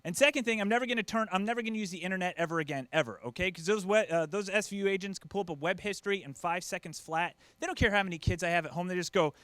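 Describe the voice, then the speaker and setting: Comedian, male, 30s: high-pitched, self-deprecating stand-up, dry close mic. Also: racing, hardly any pauses, fairly bright tone, clear, resonant tone, no echo. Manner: self-deprecating, acts out quoted voices.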